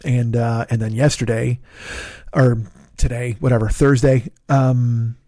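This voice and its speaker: A middle-aged man hosting his podcast alone, with a hoarse, tired throat, rambling casually with profane, self-deprecating asides. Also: medium pitch, level tone, unhurried, mellow, no echo, studio quality. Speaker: podcast host. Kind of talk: casual solo podcast chat. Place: home studio in Los Angeles.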